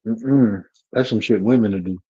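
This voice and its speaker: A man talking bluntly and profanely from home on a live-stream panel, telling animated stories with laughter. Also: fairly low pitch, moderate pace, slightly rough, dry recording, lo-fi sound.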